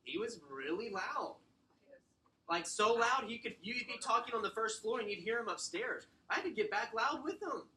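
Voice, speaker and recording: Man, sales trainer, casual workshop talk, animated, bright voice, faint background noise. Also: high-pitched, moderate pace, low-quality recording. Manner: animated, acts out client exchanges. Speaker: real estate sales trainer.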